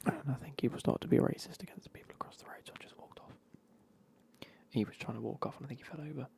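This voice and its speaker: A man's voice: medium pitch, very fast, vocal fry, a little mellow. A man whispering through an ASMR gaming stream, rambling and swearing as he chats.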